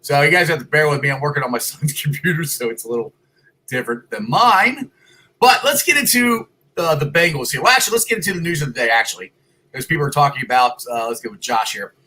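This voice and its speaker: A man hosting a casual sports talk show from a home computer, loud and excitable, rambling with restarts. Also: a little high, fast, breathy edge, rough recording. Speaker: podcast host. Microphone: computer mic.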